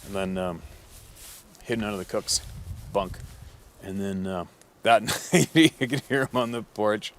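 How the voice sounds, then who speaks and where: A man's voice: on the low side, unhurried, long pauses, fairly bright tone. A man who works as a hunting guide tells a story in a casual, blunt, profane way, with many filler words.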